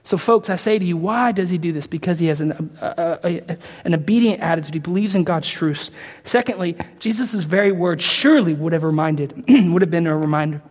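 A man's voice: on the high side, fairly quick. Impassioned male preacher in a reverberant hall. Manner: emphatic, building to loud impassioned peaks; conversational asides to the congregation. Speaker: pastor. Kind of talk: sermon. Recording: long reverb of a large hall.

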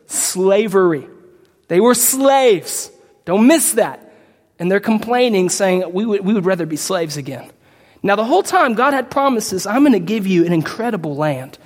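A man preaching a sermon, reading scripture and explaining it in an emphatic, conversational way. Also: extremely high pitch. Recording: long reverb of a large hall.

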